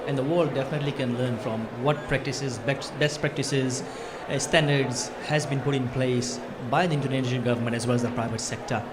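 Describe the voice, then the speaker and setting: Quick, eager man on a noisy panel. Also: medium pitch, fairly even intonation. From Fiji. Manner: quick, enthusiastic, many fillers. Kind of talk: conference panel talk. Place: conference pavilion.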